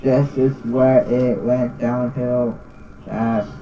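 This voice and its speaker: A man's voice: mid-range voice, little pitch movement, dull audio, noisy background. Young man giggling through a read-aloud. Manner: halting, stumbling reading, breaking into giggles. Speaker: reader. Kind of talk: reading a creepypasta aloud.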